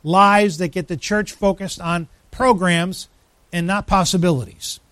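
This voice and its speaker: A man preaching a sermon, emphatic, with dramatic pauses, rising lines and sudden drops to a hush. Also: sits high, fairly even intonation, no room sound. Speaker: pastor.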